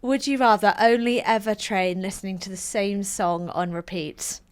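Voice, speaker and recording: A woman co-hosting a podcast, chatting and firing off quick questions. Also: mid-range voice, steady tone, clean tone. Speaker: podcast co-host. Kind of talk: casual podcast chat.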